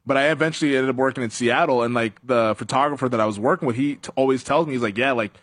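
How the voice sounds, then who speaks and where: A man's voice: medium pitch, rapid-fire, a bit bright. A man hosting a sports talk show, chatting casually, laughing often and acting out quotes. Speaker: sports radio host.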